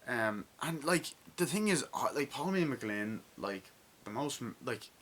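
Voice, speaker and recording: Enthusiastic Irish man with a bright voice. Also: mid-range voice, lively intonation, a little slow. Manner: rambling and enthusiastic, with swearing. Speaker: movie reviewer. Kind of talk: casual spoken movie review.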